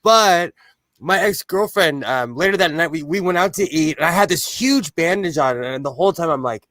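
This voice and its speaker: A man with a somewhat high voice tells rambling, self-mocking stories in a casual chat and often restarts his sentences. The recording is dry and close, with no room echo. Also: expressive, normal speed, a bit bright. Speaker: podcast panelist.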